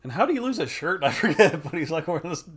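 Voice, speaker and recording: Lively, jokey man on a podcast. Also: a little high, fast talker, slightly rough. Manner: laughs often, jokey asides. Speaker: podcast co-host. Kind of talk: casual movie chat.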